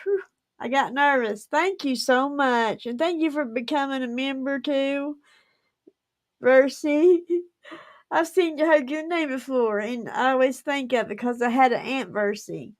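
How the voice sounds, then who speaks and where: A woman's voice: high voice, measured pace, no room sound, clean studio sound. A woman, hosting a casual livestream and chatting effusively with frequent giggles. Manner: effusive and giggly, laughs often. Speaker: livestream host.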